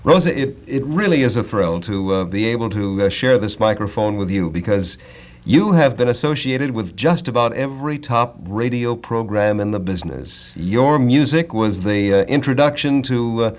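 A man hosting a radio interview, speaking in a measured announcer's manner, recorded on old broadcast tape. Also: mid-range voice, animated. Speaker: radio host.

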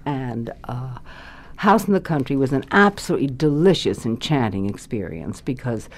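Older woman, lively low-voiced storyteller. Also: normal speed. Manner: animated storyteller, lively rises and falls, laughs readily. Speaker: interviewee, former radio actress. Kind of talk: reminiscing conversation.

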